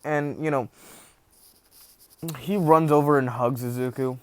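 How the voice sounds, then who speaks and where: A man's voice: medium pitch, steady tone, unhurried, a little hiss or hum. A young man rambling through a casual retelling of a story, with lots of fillers and asides. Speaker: channel host.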